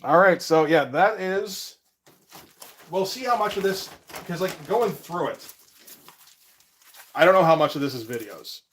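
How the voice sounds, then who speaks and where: A man's voice: on the high side, expressive, measured pace, pauses often, fairly bright tone, slightly rough. A man chatting casually on a live stream as a comic artist, rambling and laid-back, with casual swearing.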